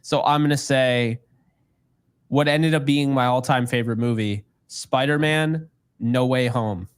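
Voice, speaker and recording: A man's voice: medium pitch, measured pace, smooth, dry recording, clean studio sound. Joking, rambling male podcast co-host. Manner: joking, rambling, laughs often. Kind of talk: casual chat.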